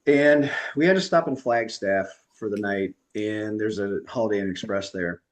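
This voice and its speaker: A man's voice: lowish voice, moderate pace. Chatty man telling stand-up stories. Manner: chatty, laughs at own punchlines. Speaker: stand-up comedian. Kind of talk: stand-up storytelling on a video call.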